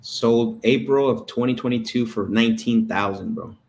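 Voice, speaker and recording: A man who is a sales coach, making live calls to property sellers and chatting casually in between, relaxed and slangy. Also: mid-range voice, normal speed, creaky. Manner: relaxed, slangy, says "bro" a lot.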